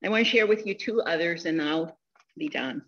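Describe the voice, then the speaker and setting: A woman in her sixties giving a funeral eulogy, telling stories in a slow, heartfelt way. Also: lowish voice, a bit bright, lo-fi sound. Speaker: eulogy speaker.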